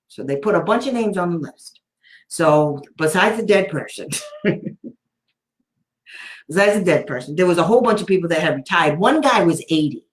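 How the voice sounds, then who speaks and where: A woman's voice: fairly low pitch, reverberant. A woman special education advocate telling a story in casual talk, blunt and sarcastic, often laughing.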